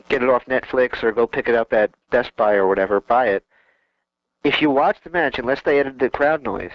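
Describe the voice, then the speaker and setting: A man in his twenties co-hosting a casual wrestling talk show, opinionated but measured, often hedging his views. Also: medium pitch, no echo, highs cut off. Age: 20s. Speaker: podcast co-host.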